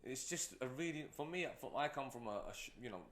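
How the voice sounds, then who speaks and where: This man, a guest entrepreneur in a casual interview, rambles through his stories with plenty of fillers. His medium-pitched voice is expressive, a bit bright, and quick-paced, and the recording has noticeable reverb.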